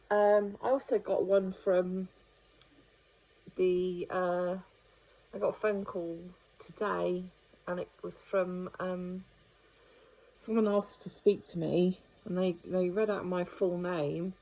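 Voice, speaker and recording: A retired woman chatting away to her camera, wry and rambling, with a fairly low, mellow voice. Her tone is relaxed and warm rather than bright. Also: slow, low-quality recording. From United Kingdom. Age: older. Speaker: vlogger. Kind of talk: casual monologue.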